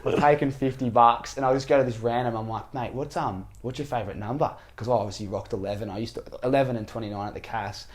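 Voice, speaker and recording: A man with an Australian accent hosting a casual chat, telling stories with animated swings between loud and hushed. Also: medium pitch, fast talker, hardly any pauses. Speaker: podcast host.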